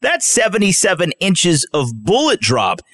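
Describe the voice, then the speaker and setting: A man's voice: high-pitched, wildly swooping pitch, unhurried, fairly bright tone. A man co-hosting a radio show, chatty and joking, asking long questions. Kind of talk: casual radio chat.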